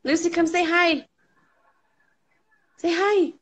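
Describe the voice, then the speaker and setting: A woman chatting as a guest, animated and chatty, sometimes coaxing her toddler in baby talk. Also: very high voice, takes it slowly. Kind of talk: casual live chat.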